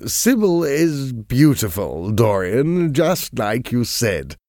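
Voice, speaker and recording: A man's voice: mid-range voice, big pitch swings, slow pace, a little mellow, no echo, studio quality, pitched above the performer's own voice. A man doing a blunt worldly lord. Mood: dismissive. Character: blunt, worldly aristocratic gentleman.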